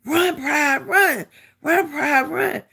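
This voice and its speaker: A woman's voice: sits high, moderate pace, fairly bright tone, voice pushed up. A woman putting on a stern male drill sergeant who hollers repeated orders. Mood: barking.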